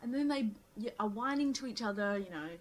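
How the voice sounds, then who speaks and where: A woman's voice: a little high, a little fast, over a noisy crowd. A young woman guesting on a podcast, chatting casually with dry, laid-back remarks. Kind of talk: casual chat.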